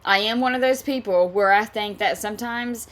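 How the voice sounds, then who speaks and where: Woman, reading messages aloud, angry profane commentary, midrange pitch, frequent restarts. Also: moderate pace, fairly bright tone. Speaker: commentary creator.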